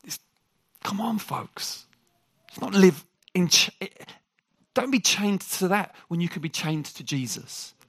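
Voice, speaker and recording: A man preaching a sermon to a congregation. He jokes with the room and talks in an animated way. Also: high voice, unhurried, breathy edge, no room sound.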